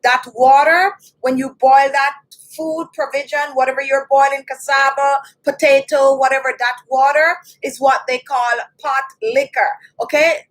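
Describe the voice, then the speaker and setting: A woman's voice: sits high, level tone, normal speed, rough recording. A woman with a Jamaican accent, a beauty vlogger chatting casually on a livestream, addressing viewers directly and often asking "okay?".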